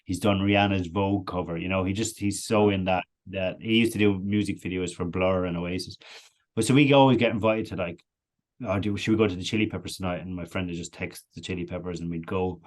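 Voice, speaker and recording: A man with an Irish accent spins a long, rambling anecdote, his voice sitting a little low. He talks casually and keeps breaking into laughter as he goes. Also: a little fast. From Ireland. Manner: animated anecdotal, laughs often. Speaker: podcast guest. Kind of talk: casual storytelling.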